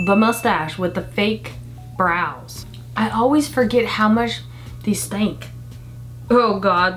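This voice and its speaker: A young woman vlogging a makeup tutorial in a casual, chatty and self-mocking way, full of quick asides. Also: medium pitch.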